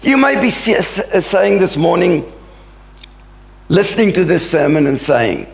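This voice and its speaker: A man's voice: sits high, expressive, slow pace, vocal fry, pauses often, echoey room. A middle-aged man, a pastor, preaching a sermon in an earnest, emphatic way. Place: church sanctuary.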